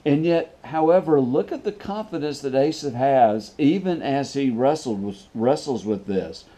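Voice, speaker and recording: A man giving a devotional sermon and prayer as a pastor, speaking in an earnest, measured way and repeating phrases for emphasis. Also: mid-range voice, expressive, warm tone.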